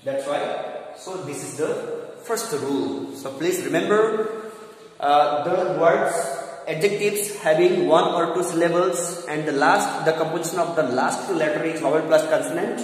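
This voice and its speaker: A male English teacher giving a grammar lesson, slowly repeating words, spelling out letters and counting syllables aloud. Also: fairly high pitch. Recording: echoey room from far off with faint hum.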